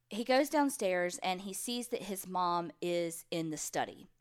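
A woman's voice: mid-range voice, a little slow, hardly any pauses. A woman co-hosting a podcast, casually retelling a true crime case and briefly voicing the people in it. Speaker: podcast co-host.

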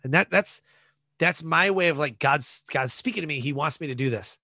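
Lively, bright-voiced man telling a story. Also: a little high, moderate pace, no echo. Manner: animated, acts out voices in his stories, many fillers like "like". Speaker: podcast guest. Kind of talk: storytelling in a podcast interview.

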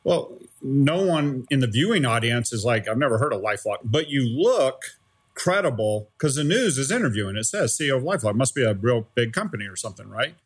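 A middle-aged man, a former startup CEO, tells a story in an animated, conversational interview and keeps checking in with "right?". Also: mid-range voice, a little fast, slightly rough.

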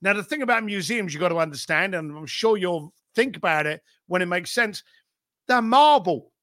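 A middle-aged man with a high, bright, sharp voice tells business stories in an emphatic, animated way. He strings rhetorical questions together and swears casually. The recording is close and dry. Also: moderate pace, dry recording. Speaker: podcast guest.

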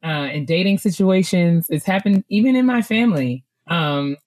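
A woman's voice: fairly low pitch, animated, moderate pace, a little mellow. A woman co-hosting a book club chat, talking casually, laughing often and repeating herself when she gets worked up.

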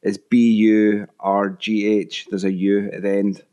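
A man's voice: on the low side, level tone, a little slow, dark tone, smooth, dull audio. Teasing Scottish man, a bit unwell. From Scotland. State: under the weather. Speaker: podcast co-host.

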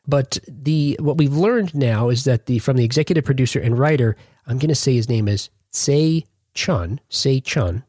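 A man's voice: medium pitch, animated, moderate pace, few pauses, a little mellow, dry recording, studio quality. A man hosting a podcast in casual chat, rambling and correcting himself as he jokes along. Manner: rambling, self-correcting, jokey. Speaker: podcast host.

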